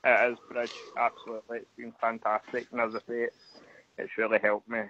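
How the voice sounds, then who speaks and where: Man, sincere and flat-toned, dry dull sound. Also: medium pitch, brisk. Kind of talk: casual chat.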